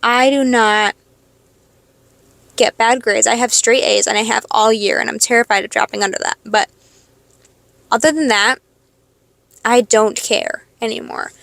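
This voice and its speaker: A high school senior girl in her late teens, rambling casually in a stream-of-consciousness monologue, swearing freely and second-guessing herself. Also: steady tone, unhurried, creaky, long pauses, fairly bright tone, dry recording. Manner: rambling, swearing, self-questioning. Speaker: podcast host.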